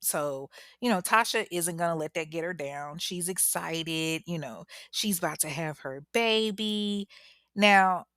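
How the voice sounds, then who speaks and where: A woman telling a true-crime story in a casual, slangy, animated conversational way. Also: on the low side, a little slow, no echo, studio quality.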